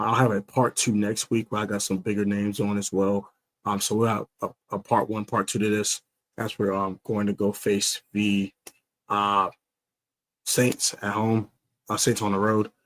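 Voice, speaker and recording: A man's voice: on the low side, no echo. A man hosting a casual postgame fan livestream, rambling with lots of fillers and restarts, trash-talking rivals. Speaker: fan podcast host. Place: stadium area after a game.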